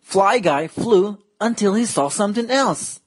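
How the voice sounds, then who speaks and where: A woman reading a children's picture book aloud in a slow, playful, exaggerated way. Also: mid-range voice, animated, husky. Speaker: storyteller.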